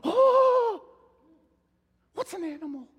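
A man's voice: very high voice, fairly quick, vocal fry, a little mellow, slightly rough, pitched above the performer's own voice, full character voice. A male pastor voicing a crowd of eager, wide-eyed angels in a comic sermon retelling. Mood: awed. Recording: long hall reverb.

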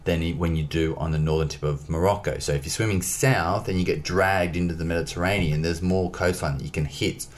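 A man telling a personal story as an interview guest, in a lively way, acting out the dialogue. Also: sits low, brisk, few pauses, a little hiss or hum. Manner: lively, acts out dialogue in his stories. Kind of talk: casual storytelling.

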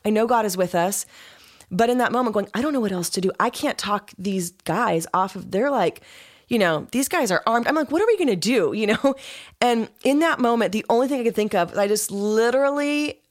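A woman pastor, a podcast guest, telling a story in casual interview chat. She is an animated storyteller who laughs often. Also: on the high side, fairly quick.

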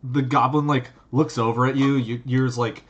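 A man's voice: mid-range voice, steady tone, normal speed, lo-fi sound. A man narrating as game master of a tabletop game over a video call, describing scenes loosely with plenty of "like" and "um". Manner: loose and rambling, full of fillers.

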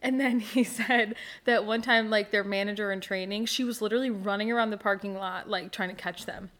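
A woman's voice: mid-range voice, fairly even intonation, a little fast, a bit bright. A young woman hosting a casual chat, telling a story with frequent laughs and lots of "like" fillers.

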